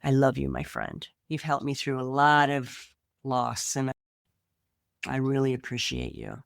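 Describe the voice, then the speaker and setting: A woman's voice: extremely low pitch, sing-song, measured pace, creaky, dry recording, clean studio sound. A woman co-hosting a podcast, talking in an earnest, reflective way. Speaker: podcast co-host. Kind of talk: casual podcast chat.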